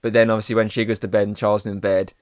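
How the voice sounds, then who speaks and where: A man's voice: lowish voice, flat delivery, very fast, a little mellow, clear, resonant tone, no room sound, clean studio sound. Rambling young man reviewing a film. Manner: rambling, says "obviously" constantly, swears freely. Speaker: podcast co-host. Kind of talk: casual film review chat.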